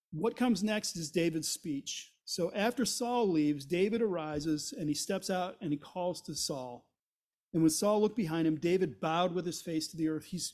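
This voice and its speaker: A man's voice: high voice, a little mellow. A man teaching through a Bible chapter as a pastor, retelling the story and paraphrasing the characters' words in everyday speech.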